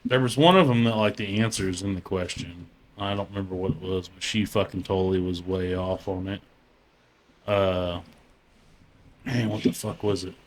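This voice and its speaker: Low-voiced man telling stories. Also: steady tone, moderate pace. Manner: swearing, storytelling, laughs often. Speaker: podcast co-host. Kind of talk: casual chat.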